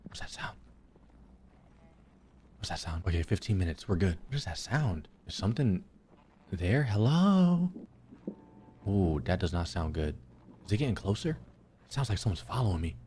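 A young man giving casual gameplay commentary into a desk microphone, loud and jokey, swearing often and talking to his chat. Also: low-pitched, expressive, brisk, a little hiss or hum. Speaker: gaming video creator.

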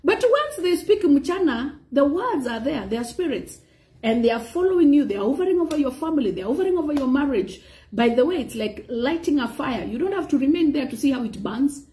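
A woman preaching a sermon, animated, slipping Swahili phrases in among frequent praises to God. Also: sits high, fairly quick.

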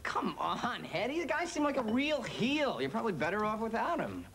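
An earnest young office man in a 1990s sitcom, fumbling and wry. His delivery swings lively in pitch. The sound is an old TV broadcast with steady hiss. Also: moderate pace. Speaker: sitcom lead.

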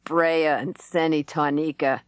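A woman's voice: low voice, fairly even intonation, unhurried, dry recording. A woman reading an audiobook, voicing a surly male prison guard who growls his lines. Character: gruff middle-aged male prison guard.

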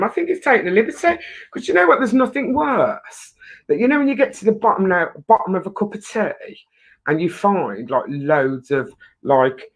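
Chatty English woman hosting a live stream. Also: on the low side. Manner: chatty, emotional, swears lightly. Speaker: host. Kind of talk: casual live-stream chat.

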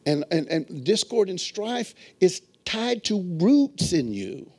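High-voiced preaching bishop, story-driven. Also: male voice, very animated, slow, a little mellow, slightly rough. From moved to Texas as an adult. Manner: storytelling, calls on the congregation to respond. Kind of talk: sermon. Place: church sanctuary.

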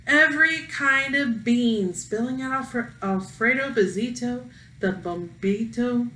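A woman teacher reading a picture book aloud to her pupils, expressive and playful, breaking into song. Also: on the high side. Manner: slow, expressive, sings along with the story. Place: room at home. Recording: roomy echo, faint ambience.

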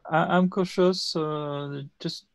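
Slightly high gravelly guy playing a tabletop game, halting, kinda slow to find words. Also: fairly even intonation, dry recording. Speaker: player.

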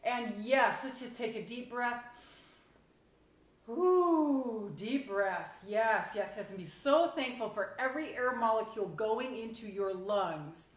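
A woman's voice: on the high side, measured pace, few pauses. A middle-aged woman hosting a casual live stream from her phone, chatty and bubbly, often laughing. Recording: echoey room on phone mic.

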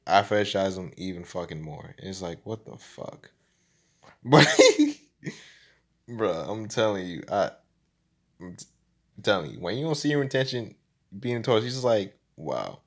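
A young man with a fairly low voice rambles to his camera in a loose, slangy vlog, laughing often. He jumps from loud, excited bursts to low mumbles and back. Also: a little slow, pauses often. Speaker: vlogger. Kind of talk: casual vlog monologue.

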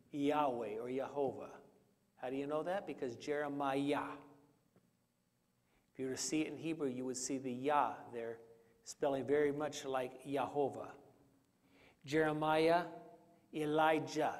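A man's voice: medium pitch, steady tone, a little slow, long pauses. A man preaching a conversational Bible study, teaching with fillers and questions to the congregation. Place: church sanctuary. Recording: church hall reverb.

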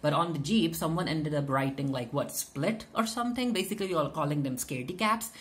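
A woman with a low, relaxed voice recaps a TV episode in a casual commentary. She talks off the cuff, full of filler sounds and false starts. She drops quoted lines from the characters into her retelling. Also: brisk. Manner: chatty, many filler "uh"s and restarts, retells scenes with quoted lines. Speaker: TV recap reviewer.

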